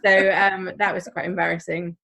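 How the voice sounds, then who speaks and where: A woman, a crime writer on a panel, telling lively, embarrassing anecdotes and acting out the quotes over a video call. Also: on the low side, normal speed, vocal fry. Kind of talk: casual panel chat.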